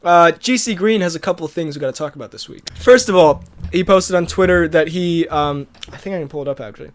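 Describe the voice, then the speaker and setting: A young man with a slightly high voice co-hosts a casual film podcast. He runs through the news in a joking, loose way and breaks into laughter often. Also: fast talker. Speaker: podcast co-host. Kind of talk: casual chat.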